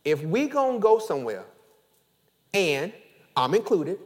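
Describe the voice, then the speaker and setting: A man preaching a sermon as pastor, animated, with call-and-response and casual storytelling asides. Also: high voice, unhurried.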